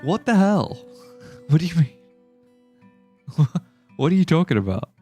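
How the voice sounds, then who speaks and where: A man livestreaming a game in casual chat, excitable and laughing often, with quick exclamations. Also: on the high side, dry recording, soft background music. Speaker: live streamer.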